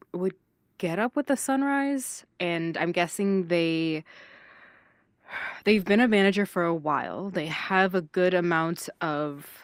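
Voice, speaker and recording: A woman player describing her character in a tabletop role-playing game, halting and searching for words. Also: on the low side, no room sound, clean studio sound.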